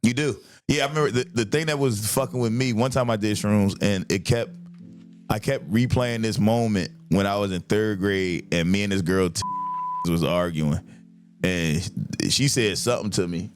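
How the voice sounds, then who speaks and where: A young man hosting a casual chat, telling a story animatedly and jumping high to act out his friends. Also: normal speed, soft background music. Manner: animated, acts out friends' voices in a high pitch. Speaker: podcast host.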